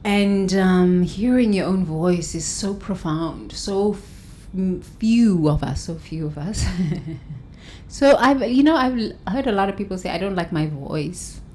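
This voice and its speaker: A woman hosting a guided breathing session and self-help talk, counting breaths slowly and soothingly, with loud sighs. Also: on the low side, animated, slight background noise. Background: faint instrumental music.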